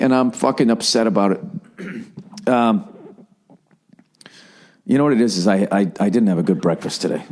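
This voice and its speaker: Profane ranting man with a Boston accent. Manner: profane, ranting, swings between loud gripes and low mutters. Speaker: podcast host. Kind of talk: casual comedic podcast rant.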